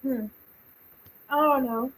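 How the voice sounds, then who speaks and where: Woman, tarot reader, husky tone, rambling off-the-cuff delivery with blunt slang. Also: high voice, fairly even intonation, slow, poor audio. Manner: rambling, thinking aloud, trailing off; blunt and informal, with slang and swearing. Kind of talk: casual spoken tarot reading.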